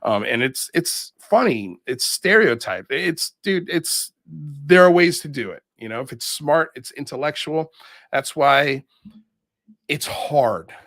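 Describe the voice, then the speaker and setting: A man's voice: on the high side, takes it slowly, no room sound, studio quality. A man hosting a livestream, reading chat comments and rambling casually with lots of fillers. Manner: rambling, animated, frequent fillers and laughs. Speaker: show host reading live chat.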